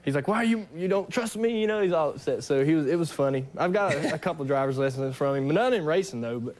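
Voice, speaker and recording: A young man, a guest on a late-night talk show, telling stories in a relaxed, easygoing way with lots of fillers. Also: a little high, quick pace. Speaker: talk show guest, race car driver.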